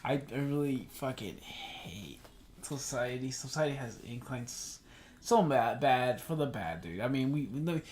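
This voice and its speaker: A man's voice: medium pitch, expressive, a little slow, darkish tone. Young male co-host, mid-range voice, heated profane rants, faint ambient hiss. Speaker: podcast co-host. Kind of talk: casual chat.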